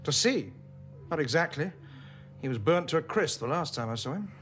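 An actor playing a smug male villain in an eighties TV drama, drawling and mocking, heard as a TV clip under loud music. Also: a little high, lively intonation, moderate pace. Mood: gloating. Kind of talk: 1980s TV drama acting.

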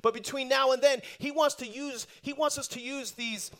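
A pastor preaching a sermon, telling a joke story with animated asides and lots of repeated restarts. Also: male voice, very high-pitched, moderate pace.

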